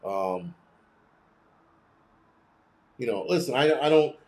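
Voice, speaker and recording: A man's voice: mid-range voice, lively intonation, takes it slowly, a little mellow. A man hosting a casual live commentary, blunt and profane, rambling with many restarts. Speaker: host.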